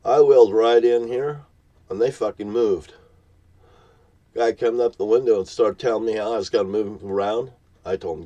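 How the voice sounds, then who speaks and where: A man's voice: lowish voice, moderate pace, dark tone. Man, cursing rant, threatening and preachy, from a parked car. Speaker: vlogger. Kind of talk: ranting monologue to camera. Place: parked vehicle.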